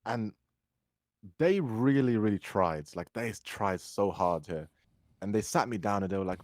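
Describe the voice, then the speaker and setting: A young man, co-hosting a casual podcast and telling animated stories. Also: lowish voice, unhurried, no echo, clean studio sound. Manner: storytelling, animated when quoting others. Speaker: podcast co-host. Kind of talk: casual chat.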